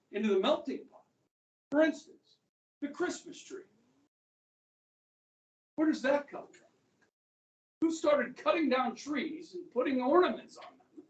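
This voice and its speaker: A man lectures a history class in a loose, joking way, throwing questions out to the room. He stands well back from the microphone. The classroom gives his voice a hollow, echoing ring. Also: extremely high pitch. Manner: casual, joking, fires rhetorical questions at students. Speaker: history teacher. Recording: echoey classroom, speaker far from the mic.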